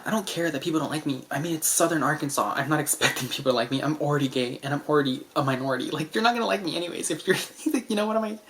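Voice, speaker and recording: A young man talks to camera in a loose, rambling vlog, stringing thoughts together with constant "like" and little restarts. He keeps his voice low and soft, as if trying not to wake anyone at night. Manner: chatty, filler-heavy with frequent "like"; speaking softly late at night. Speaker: vlogger. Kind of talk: casual rambling monologue to camera. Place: indoors at home at night under a lamp.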